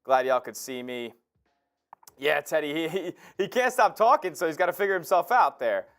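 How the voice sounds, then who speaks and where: A man's voice: on the high side, expressive, normal speed, a bit bright, soft background music. A man co-hosting a live sports stream, chatting casually, laughing and reading out messages from viewers. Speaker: co-host.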